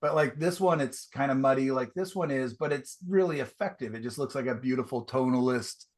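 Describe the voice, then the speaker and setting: A man's voice: mid-range voice, a little fast. A man teaching a painting class, giving casual, enthusiastic feedback over a video call. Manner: casual, enthusiastic, chatty with fillers.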